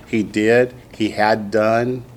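A man's voice: on the low side, little pitch movement, a little hiss or hum. Patient Southern man teaching a class. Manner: slow, patient drilling with repetition. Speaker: Hebrew teacher. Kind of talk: classroom language lesson.

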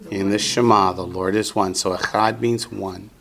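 A man's voice: lowish voice, fairly even intonation, normal speed, vocal fry, a bit bright. A man teaching Biblical Hebrew in a classroom, patiently drilling students with call-and-response.

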